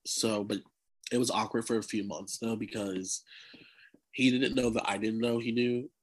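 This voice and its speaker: A man's voice: lowish voice, fairly even intonation, normal speed, slight background noise. A young man in his twenties, chatty and laughing often, telling a personal story as a guest in a casual conversation.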